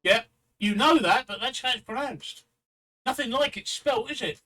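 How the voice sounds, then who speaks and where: A man's voice: extremely high pitch, normal speed, pushed and bright, poor audio. A man hosting a casual live-stream chat, chatty and teasing, often repeating himself. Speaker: stream host.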